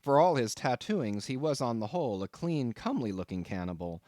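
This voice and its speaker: A man narrating an audiobook of a classic novel in an expressive reading style. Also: medium pitch, brisk, no echo, studio quality. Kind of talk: scripted narration.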